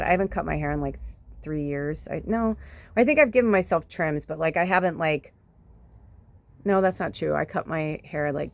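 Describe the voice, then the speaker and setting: A woman's voice: lowish voice, gravelly. A woman in her fifties, a spiritual medium, rambling in a chatty, emphatic way and swearing often. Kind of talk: casual rambling monologue.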